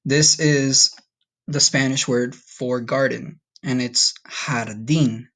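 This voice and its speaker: A man's voice: medium pitch, flat delivery, slow pace, sharp tone. A man teaching a recorded Spanish lesson to his class, friendly and checking in often with "okay?". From United States.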